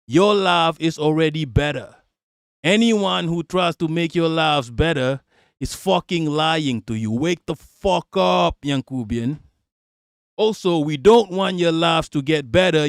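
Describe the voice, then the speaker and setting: A man on a live stream ranting loudly and mockingly with heavy profanity. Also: fairly high pitch, gravelly, no room sound, studio quality. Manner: loud, mocking, profane, laughs often. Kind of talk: profane political rant on stream.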